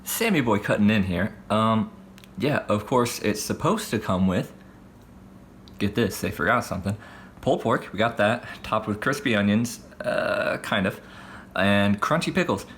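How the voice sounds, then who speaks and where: A man's voice: fairly low pitch, animated, a little slow, fairly bright tone, a little hiss or hum. A man casually telling a story in slang between bites of food, as a food vlogger. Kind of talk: casual mukbang chat.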